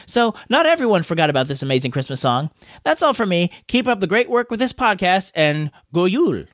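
Jokey podcast guy reading mail, high voice, bounces all over the place. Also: sing-song, quick pace, a bit bright, dry recording, clean studio sound. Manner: playful, jokey. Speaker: podcast host. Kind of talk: casual podcast chat reading listener mail.

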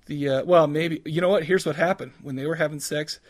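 A man's voice: on the high side, fairly even intonation, brisk, no echo, studio quality. A man co-hosting a casual movie review podcast, rambling with restarts, crude jokes and frequent laughter. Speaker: podcast co-host.

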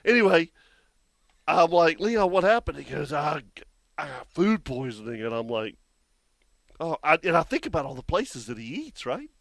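Animated high-voiced man chatting. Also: moderate pace, vocal fry, long pauses, no echo. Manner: animated storyteller, laughs often, repeats words. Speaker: radio fishing show host. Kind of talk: casual chat.

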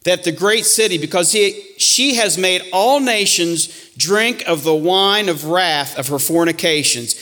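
High, bright-voiced man preaching. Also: a little slow, hardly any pauses. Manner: preaching with rising emphatic warnings, dropping to hushed asides. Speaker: pastor. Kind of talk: sermon.

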